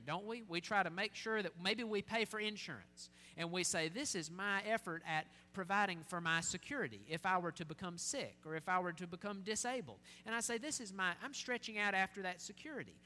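A man's voice: sits high, pushed and bright. A man preaching a sermon, earnest, with many rhetorical questions. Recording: long hall reverb, faint hum.

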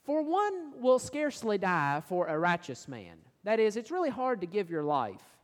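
Preaching in a large hall with a mid-range voice, this speaker reads out scripture and unpacks its meaning. He keeps turning to the congregation with rhetorical questions.

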